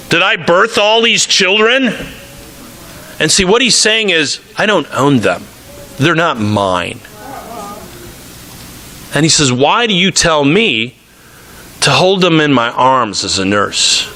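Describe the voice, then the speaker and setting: A man preaching a sermon as pastor, reading scripture aloud and acting out the quoted voices with lively emphasis. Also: high voice, slow, long pauses.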